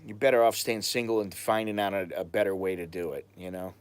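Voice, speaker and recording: A man's voice: low-pitched, fairly even intonation, quick pace, smooth. American man, casual live-stream chat, rambling, blunt, stops to hunt for words. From United States. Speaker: expat vlogger answering live chat.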